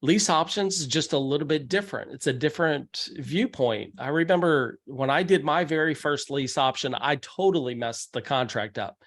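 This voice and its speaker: Speaking at a moderate pace with few pauses, this man has a fairly high, fairly bright voice. He gives a seminar presentation on real estate investing in a meeting room, keeping it conversational and acting out the people he quotes.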